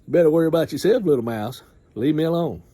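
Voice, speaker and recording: A man voicing a big, unbothered farm cow who gruffly dismisses the mouse. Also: on the high side, animated, quick pace, warm tone, voice pushed up. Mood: dismissive.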